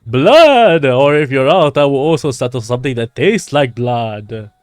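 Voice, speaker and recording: A man voicing a theatrical, pompous male vampire in a video game, loud and hammy. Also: on the low side, steady tone, moderate pace, no echo, clean studio sound, faint music behind, pitched below the performer's own voice, natural voice. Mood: eager.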